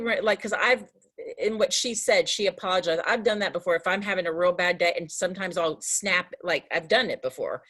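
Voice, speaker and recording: A woman's voice: mid-range voice, fairly bright tone. A woman teacher talking earnestly with her class on a video call, rambling and restarting her sentences.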